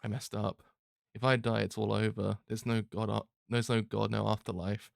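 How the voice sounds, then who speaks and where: Gravelly man swearing through a reaction. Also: fairly low pitch, level tone, normal speed, dry recording, clean studio sound. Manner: swears a lot, laughs between lines. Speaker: manga reaction streamer. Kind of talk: emotional reading reaction.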